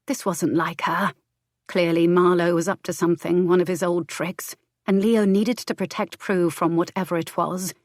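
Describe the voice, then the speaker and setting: A woman reads a historical romance audiobook with measured, expressive narration. Her voice is lowish for a woman. It is recorded close and dry. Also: dry recording.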